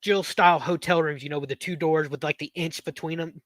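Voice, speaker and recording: Chatty, high-voiced man. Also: fairly even intonation, a little fast, fairly bright tone, no echo. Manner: rambling, self-interrupting storyteller. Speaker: podcast host. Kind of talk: casual storytelling chat.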